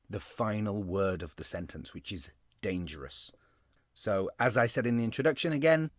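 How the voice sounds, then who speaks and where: A male English teacher giving a recorded grammar lesson, explaining step by step and slowing down on key terms. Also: lowish voice, no echo, studio quality.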